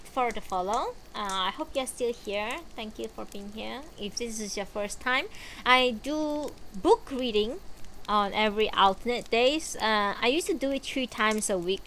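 Slow, chatty woman reading aloud. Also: mid-range voice, slight background noise. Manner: relaxed, chatty and rambling, with frequent fillers and asides. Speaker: live-streamer reading a book aloud. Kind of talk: book reading and casual chat.

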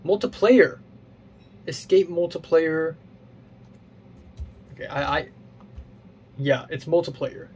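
A man's voice: a little high, fairly even intonation, slow pace, pauses often, a little mellow, husky. Man muttering through a game puzzle. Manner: muttering to himself, puzzling, self-mocking. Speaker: gaming channel host. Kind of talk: playing a puzzle game while thinking aloud.

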